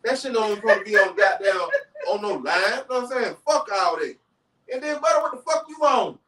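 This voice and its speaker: High pitched dude on a podcast, rambling animated chat, sounds far off the mic. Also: male voice, a little fast. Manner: animated, repeats "you know what I'm saying" often. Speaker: podcast co-host. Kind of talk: casual chat. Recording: roomy echo, distant from mic.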